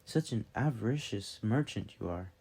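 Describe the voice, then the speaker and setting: A man voicing a proud, sly wolf goddess who has the form of a young woman in an audiobook reading. She speaks in a dry, teasing and measured way. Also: fairly low pitch, expressive, creaky, darkish tone, husky, full character voice.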